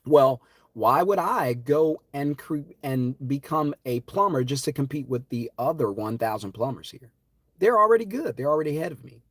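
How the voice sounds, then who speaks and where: A man hosting a live stream in a fervent, preachy voice, with dramatic swings between loud and hushed. His voice sits at a middling pitch. The sound is dry and close, with no room echo. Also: animated, moderate pace. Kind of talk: impassioned live-stream talk.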